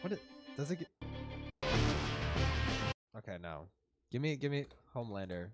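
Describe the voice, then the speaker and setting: A young adult streamer giving casual reaction commentary, laughing often and swearing a lot in an excitable way. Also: medium pitch, normal speed, over loud music.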